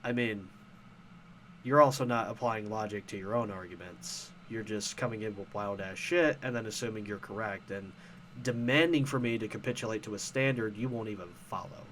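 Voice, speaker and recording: A man's voice: on the low side, moderate pace, a bit bright, slight background noise. Profane, sarcastic man ranting. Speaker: host. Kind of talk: casual commentary rant.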